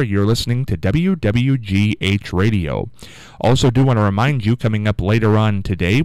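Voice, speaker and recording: Folksy radio host, smooth voice. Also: male voice, fairly low pitch, darkish tone, dry recording. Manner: folksy, rambling, with many fillers and restarts. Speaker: radio talk show host. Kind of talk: call-in radio talk. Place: radio studio. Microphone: studio microphone.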